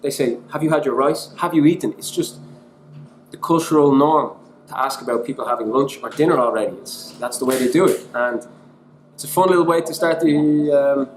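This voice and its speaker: A man's voice: medium pitch, brisk, a little hiss or hum. An Irish man giving a casual teaching talk, chatty and self-deprecating, mixing in bits of other languages. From Ireland. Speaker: online English teacher. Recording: echoey room.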